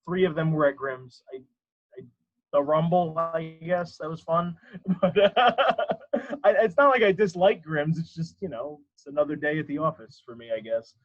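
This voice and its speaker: A man's voice: on the high side, expressive, normal speed. A man chatting as a podcast guest, rambling through stories and laughing at himself often. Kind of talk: casual interview chat. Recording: lo-fi dull sound.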